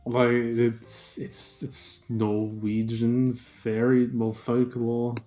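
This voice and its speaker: A man's voice: medium pitch, monotone, extremely slow, mellow, soft background music. Sarcastic, profane podcast co-host man. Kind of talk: casual chat.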